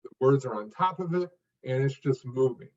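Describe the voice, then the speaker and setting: A man's voice: mid-range voice, normal speed, darkish tone, distant mic, muffled recording. A man giving an interview answer as a speech coach, talking in short emphasized phrases with frequent restarts.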